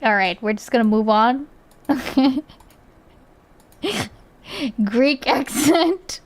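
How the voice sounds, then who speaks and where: A woman's voice: high-pitched, expressive, slow. A young woman streaming, chatting casually as she reacts to clips, laughing often and asking "okay?" a lot.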